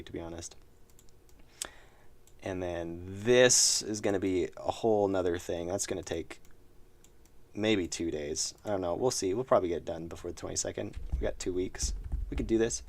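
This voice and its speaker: Low gravelly man streaming his game work. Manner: rambling, self-deprecating, chatting with viewers. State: losing his voice. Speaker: indie game developer streaming. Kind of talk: casual live-stream chat.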